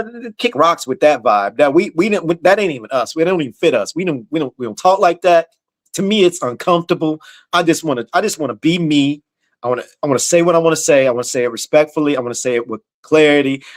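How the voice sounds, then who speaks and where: A man leading a casual Bible study, talking in a laid-back, conversational way with many restarts and repeated phrases. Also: fairly high pitch.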